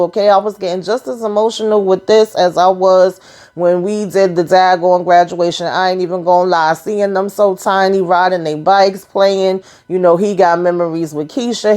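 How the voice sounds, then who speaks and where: A woman giving a casual, sassy recap of a TV episode, talking straight to her viewers in animated, colloquial speech. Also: medium pitch. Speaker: TV recap vlogger.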